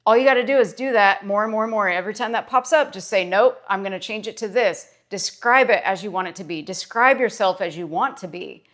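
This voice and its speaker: An earnest woman speaks in a middle-pitched voice, coaching her viewers on mindset in a homemade video. She stresses points by repeating short phrases and restarting sentences, building a warm, insistent rhythm. Her tone stays sincere and direct throughout. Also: fairly quick, hardly any pauses. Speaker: licensed clinical social worker and mindset vlogger. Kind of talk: motivational talk to camera.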